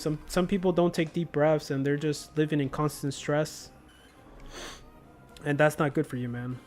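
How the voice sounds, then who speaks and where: Young man, casual streamer chat, laid-back storyteller, slangy, slightly high voice. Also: darkish tone. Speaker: livestreamer. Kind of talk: casual chat while gaming.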